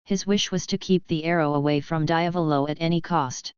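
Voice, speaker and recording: A woman narrating a first-person story as an audiobook reader, in a slow, even reading. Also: deep voice, smooth, no room sound, dull audio.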